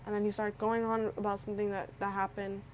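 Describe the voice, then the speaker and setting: Fast-talking and medium-pitched with little pitch movement, a young vlogger rambles through a personal story while nearly in tears, full of restarts and filler words. The recording is rough, with slight background noise.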